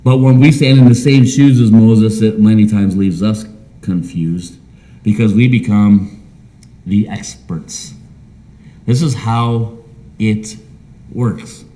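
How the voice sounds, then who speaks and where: A man's voice: fairly low pitch, takes it slowly, long pauses. A man preaching a sermon as pastor of a small church, with a Midwestern American accent, who acts out imagined conversations. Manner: animated, acts out imagined dialogue.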